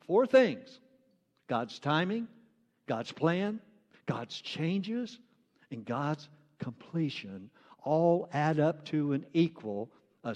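A male pastor with a notably high voice delivers an earnest sermon. He circles back and repeats phrases to drive each point home. His words ring out with a long reverb in a church hall. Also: darkish tone, lo-fi sound.

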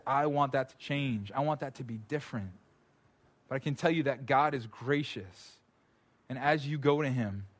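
A man with a mid-range voice gives an earnest, conversational sermon to a room full of people. He talks informally and restarts often, stacking fillers and repeated phrases as he goes. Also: medium pitch. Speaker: pastor. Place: room with a gathered audience.

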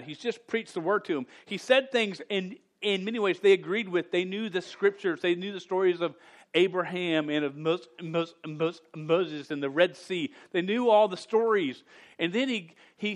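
A male pastor preaching a sermon to his congregation, often stammering and repeating words, with animated emphasis. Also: sits high.

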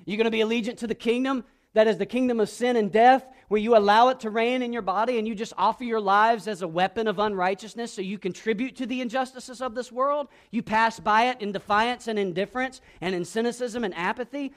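A man's voice: high voice, fairly quick, hardly any pauses. A male pastor preaching a sermon, reading scripture and asking the congregation questions to fill in. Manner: preaching with rising emphasis and call-and-response questions.

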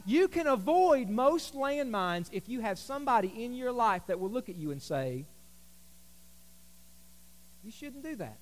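A man with a very high voice preaches to his congregation. He talks in a loose, humorous, storytelling way. His words ring out with the long reverb of a large church hall. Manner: conversational, humorous, animated storytelling. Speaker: pastor. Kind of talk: sermon. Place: church sanctuary.

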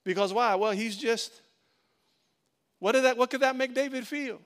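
High-voiced emphatic male pastor preaching. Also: normal speed, long pauses, fairly bright tone. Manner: emphatic, repeats phrases, direct address. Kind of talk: sermon.

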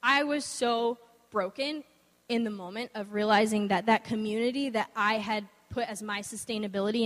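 A young woman giving an informal, earnest devotional talk, weaving in a personal story, in a conversational manner. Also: medium pitch. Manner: earnest, conversational, animated when quoting others. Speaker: speaker sharing a devotional. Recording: long hall reverb.

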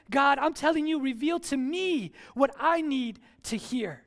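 A man with a notably high voice delivers a sermon from the pulpit. He talks to the congregation in quiet, conversational asides, then rises into raised, animated exhortation. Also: measured pace, few pauses. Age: adult with children at home. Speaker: pastor.

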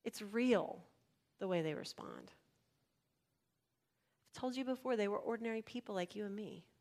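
A woman preaching a sermon in a conversational way, asking her listeners direct questions and swinging between loud emphasis and hushed, near-whispered lines. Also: medium pitch, normal speed.

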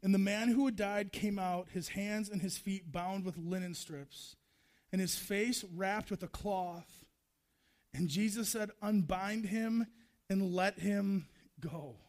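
A man preaching a sermon, emphatic, driving points home with repeated refrains and building to loud passages. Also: high voice, fairly even intonation, measured pace.

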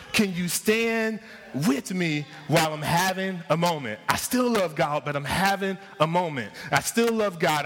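A man's voice: sits high, a bit bright. A man preaching a sermon to his congregation, rousing them with repeated rhetorical questions. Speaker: pastor. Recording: long hall reverb.

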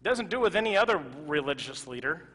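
A male pastor preaching a sermon to his congregation, moving from loud emphatic exclamations to quiet, earnest asides. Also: a little high, big pitch swings, fast. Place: church sanctuary. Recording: reverberant church hall.

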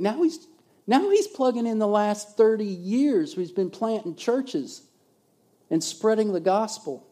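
A man preaching a sermon as a pastor, animated, swinging between loud emphasis and quiet asides. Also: high voice, unhurried.

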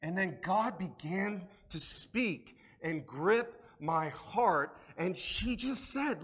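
Impassioned preaching man, higher voice. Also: lively intonation, slow pace, hardly any pauses, slightly rough. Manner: impassioned, swings from hushed to emphatic; repeated rhetorical questions. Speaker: pastor. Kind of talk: sermon with personal testimony. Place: church service.

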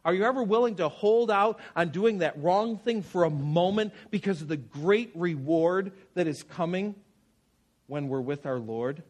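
A man's voice: sits high, measured pace. A man preaching a sermon in an earnest, conversational way, with personal stories. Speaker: pastor.

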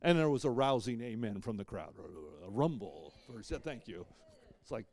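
A male pastor with a medium-pitched voice preaches a sermon at a moderate pace, his pitch swinging widely. He is emphatic, alternating loud punches with quiet asides, and slips in dry jokes.

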